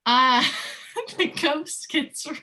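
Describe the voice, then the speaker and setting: A woman's voice: high voice, lively intonation, very slow, bright, forceful tone. A woman playing a tabletop game, giggly and playful. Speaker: player.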